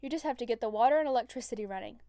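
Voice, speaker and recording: A woman's voice: fairly high pitch, very fast, dark tone, no room sound, studio quality, natural voice. A woman voicing an easygoing male archer who talks in a casual, offhand way.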